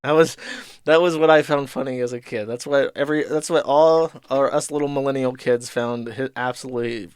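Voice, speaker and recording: A man's voice: medium pitch, fairly even intonation, a little fast, smooth, dry recording, studio quality. A man in his thirties hosting a podcast, casually reading and commenting on a comic in a rambling, profane way with laughing asides. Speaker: podcast host.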